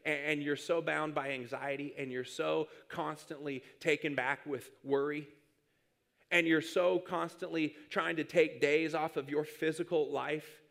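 A man's voice: on the high side, bright, forceful tone. A man in his thirties preaching a sermon, telling a funny story and acting out his own whiny prayers. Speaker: pastor.

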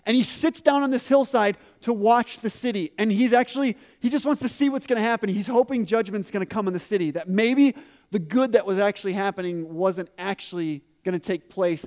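A man preaching a sermon to a congregation with kids, telling a story animatedly and acting out the quotes. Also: high-pitched. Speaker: pastor.

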